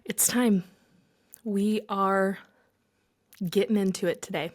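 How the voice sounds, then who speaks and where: A woman's voice: mid-range voice, steady tone. Earnest woman hosting a reflective podcast. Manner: earnest, with whispered emphasis and slow dramatic pauses. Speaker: podcast host. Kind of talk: reflective monologue.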